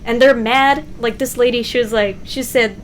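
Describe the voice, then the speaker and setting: A woman's voice: on the high side, fairly even intonation, moderate pace, slight background noise. A woman chatting casually on a podcast, talking with lots of fillers and laughing often. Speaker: podcast co-host.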